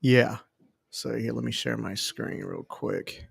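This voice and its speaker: A laid-back man chats casually with his co-host, talking in a relaxed, easy manner. His voice sits close to a dry microphone, with no echo in the room. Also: medium pitch, slow, vocal fry, husky. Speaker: podcast co-host. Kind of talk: casual chat.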